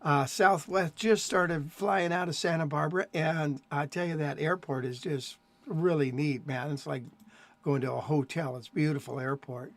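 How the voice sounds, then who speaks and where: A man's voice: a little high, fairly even intonation, moderate pace. An older man hosting a live stream, chatting casually and telling rambling stories with plenty of fillers. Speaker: host of a jazz guitar live stream.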